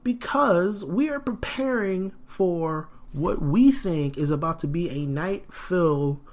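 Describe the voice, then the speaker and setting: A man hosting a solo podcast in a rambling, animated way, sniffling from a cold. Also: sits high, slow pace. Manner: rambling and animated, frequent fillers. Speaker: podcast host. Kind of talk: casual solo podcast talk.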